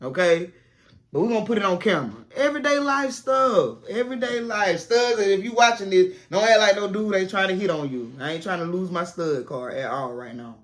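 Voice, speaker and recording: A woman's voice: lowish voice, expressive, brisk. A woman, a former teacher turned content creator, giving casual, plainspoken advice straight to camera from a classroom set at home.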